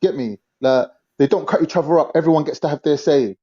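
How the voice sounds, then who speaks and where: A man's voice: a little high, fast, mellow, slightly rough, highs cut off. A man in his forties, blunt and combative, arguing in slang on an online panel. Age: 40s. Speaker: panel guest. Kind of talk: heated online panel debate.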